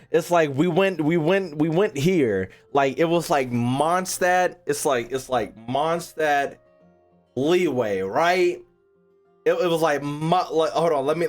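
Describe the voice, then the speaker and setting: A young man, a gaming YouTuber, ranting casually and animatedly, swearing and repeating himself as he ranks game regions. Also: medium pitch.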